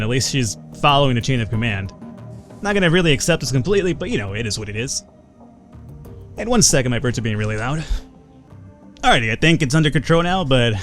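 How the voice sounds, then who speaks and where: A man's voice: mid-range voice, a bit bright. A man hosting a let's play, chatting casually through the game and swearing freely. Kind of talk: casual gameplay commentary.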